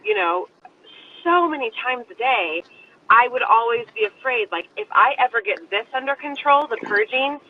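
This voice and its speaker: A woman's voice: fairly high pitch, lively intonation, moderate pace. A woman host speaks in an earnest, open and personal way. Her voice comes through a thin, phone-like line with a faint hiss underneath. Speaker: interview host. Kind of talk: casual interview talk.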